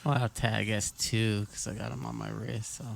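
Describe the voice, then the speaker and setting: A man's voice: fairly low pitch, level tone, normal speed, vocal fry, a little hiss or hum. A man in casual podcast chat, blunt and profane.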